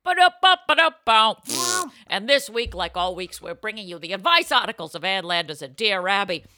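A woman co-hosting a comedy podcast, loud and theatrical, laughing often. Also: medium pitch, expressive, brisk, dry recording, clean studio sound. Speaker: podcast co-host. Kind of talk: comedic banter.

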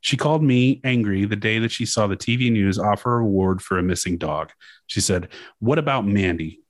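A young man hosting a podcast, casually chatting and reading news quotes aloud, swearing and pausing with fillers. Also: on the low side, no echo. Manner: casual, profane, halting with fillers. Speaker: podcast host.

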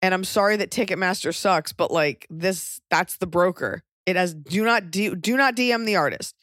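A pregnant woman hosting a podcast, talking in casual chat with wry, deadpan jokey rants. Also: fairly low pitch, moderate pace, dry recording, studio quality. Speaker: podcast host and touring comedian.

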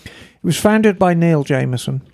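A man's voice: a little high, expressive, moderate pace, creaky, a little mellow, dry recording, clean studio sound. A man co-hosting a motorcycle podcast, chatting casually and telling rambling stories. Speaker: podcast co-host. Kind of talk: casual chat.

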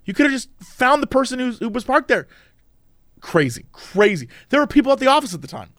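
A man hosting a casual chat, telling a story with lively, acted-out quotes and big pitch jumps. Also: a little fast, no echo, studio quality. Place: Los Angeles.

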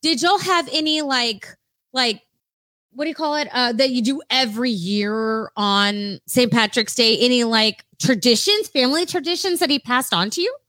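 A woman's voice: fairly high pitch, normal speed, sharp tone, dry recording. A woman co-hosting a podcast, chatting casually in a playful, teasing way and laughing often. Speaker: podcast co-host. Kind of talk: casual chat.

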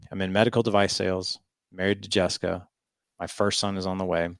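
A man's voice: low-pitched, vocal fry, dry recording, studio quality. A man in his forties, a podcast guest, telling a personal story in casual talk and acting out the dialogue. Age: 40s. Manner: animated, acts out quoted dialogue.

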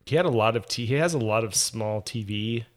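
A man's voice: lowish voice, brisk. A man co-hosting a podcast, chatting casually and thoughtfully, often correcting himself. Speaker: podcast co-host. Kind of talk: casual chat.

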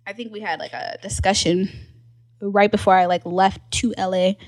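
A young woman chatting on a podcast, recounting a personal story with lively, animated delivery. She leans on "like" as a filler and breaks into laughter often, sliding between her own words and her retellings. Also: medium pitch, moderate pace. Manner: animated storyteller, acts out quoted voices, frequent laughs and "like" fillers. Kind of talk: casual chat.

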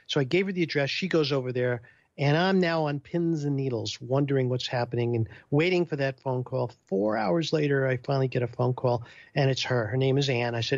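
A man's voice: mid-range voice, a little fast, gravelly, no room sound. A man telling a business story as a guest, acting out the people he quotes. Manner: animated storyteller who acts out quotes. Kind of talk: storytelling in a podcast interview. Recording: dull lo-fi sound.

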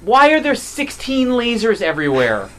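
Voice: mid-range voice, wildly swooping pitch, normal speed, fairly bright tone. A co-host giving casual movie commentary, giggly, rambling and opinionated. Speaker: podcast co-host.

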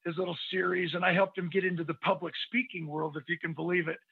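A man's voice: high-pitched, flat delivery, fast, gravelly, slightly rough. A male podcast host interviewing a guest, enthusiastic and asking long winding questions. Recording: tinny phone-like line.

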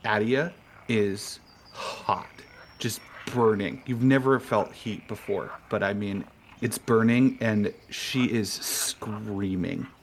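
A man narrating a tabletop game as game master in a slow, descriptive manner. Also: on the low side, a little hiss or hum.

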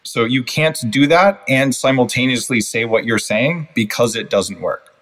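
A man's voice: medium pitch, normal speed, a bit bright. A man hosting a podcast interview, speaking directly, interjecting and pushing back on his guest. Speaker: podcast host. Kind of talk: casual interview talk.

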